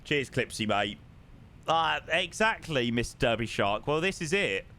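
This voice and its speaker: A man's voice: medium pitch, animated, measured pace, pushed and bright. A young man chatting casually on a live flight sim stream, greeting viewers, reading chat aloud and humming to himself.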